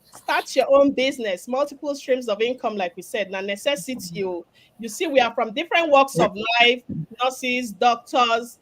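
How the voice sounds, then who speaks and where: A woman's voice: on the high side, expressive, normal speed. Nigerian lady hosting a live business stream, has a cough, upbeat and salesy. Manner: upbeat, promotional. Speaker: host, business mentor. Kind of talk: live stream panel chat.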